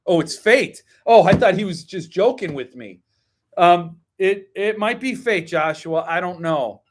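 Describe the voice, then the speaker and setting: Wry, grumbling book-chat host, slightly high. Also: male voice, animated, unhurried. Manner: opinionated, wry grumbling rants; chatty, digresses with ums and asides. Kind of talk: casual live-stream book chat.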